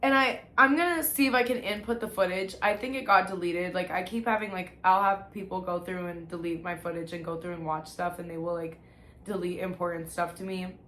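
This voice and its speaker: This vlogger speaks in a fairly low, slightly bright voice, keeping a steady tone at a brisk pace. Her personal testimony comes out as casual confessional storytelling, frank and full of swearing, with frequent false starts. Faint noise sits behind her in an echoey room.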